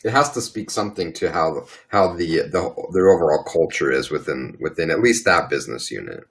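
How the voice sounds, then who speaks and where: Very deep-voiced man, rambling podcast chat. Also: expressive, a little fast, creaky, a bit bright, slightly rough. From Utah. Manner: rambling with frequent restarts and fillers. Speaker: podcast co-host. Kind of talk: casual panel discussion.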